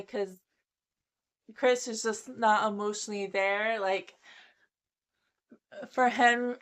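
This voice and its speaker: A woman's voice: fairly high pitch, a bit bright. A woman giving a casual, gossipy recap of a reality show, chatting freely and acting out what people said. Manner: chatty, gossipy, acts out quotes. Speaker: recap vlogger.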